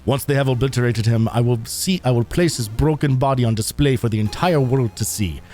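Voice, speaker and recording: A man's voice: mid-range voice, a little fast, a little mellow, faint music behind, lightly acted. A man hamming up a boastful villain scientist, mock Russian accent. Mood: grandiose. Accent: mock Russian, shaky. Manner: exaggerated, self-aware hammy reading. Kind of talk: comic reading of a game manual.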